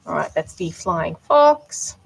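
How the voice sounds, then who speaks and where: A woman's voice: on the low side, animated, takes it slowly, vocal fry, slight background noise, poor audio. A young Australian woman chatting casually on a live stream while she builds art dolls, answering viewers' questions as she works.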